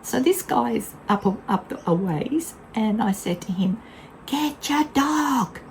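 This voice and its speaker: An older woman speaks in a mellow, warm tone and rambles through a casual story. Her pitch swings widely as she talks. She is blunt and candid and laughs easily, with a faint hiss behind her. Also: lively intonation, unhurried, gravelly, poor audio. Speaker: vlogger.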